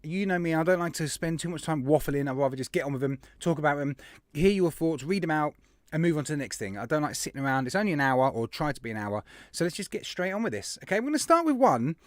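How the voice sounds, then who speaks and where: A man hosting a casual livestream podcast, chatty and jokey, rattling off shout-outs to viewers. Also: on the high side, animated, fast, no room sound, studio quality. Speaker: podcast host.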